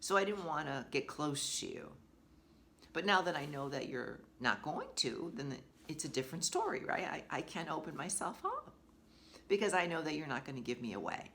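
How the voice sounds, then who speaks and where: Woman voicing a male pet parrot, calm and plain, low-key, no real character voice. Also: moderate pace, a little hiss or hum, heavily acted. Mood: calm, open. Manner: calm, plain-spoken, reflective. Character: pet parrot, male, wary then trusting.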